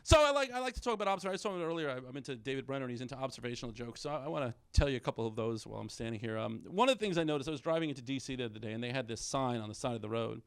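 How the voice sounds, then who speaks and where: A middle-aged man doing a stand-up comedy set, self-deprecating, with quick punchlines and short bits where he acts out his kids. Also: medium pitch, expressive, vocal fry, clean tone, no echo. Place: small comedy stage with a live audience.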